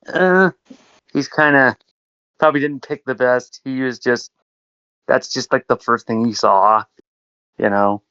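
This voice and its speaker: A man's voice: medium pitch, a little slow, long pauses, sharp tone, clear, resonant tone, no room sound, dull audio. A man playing a tabletop game online, talking hesitantly with lots of fillers and restarts. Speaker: player. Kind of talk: casual tabletop play.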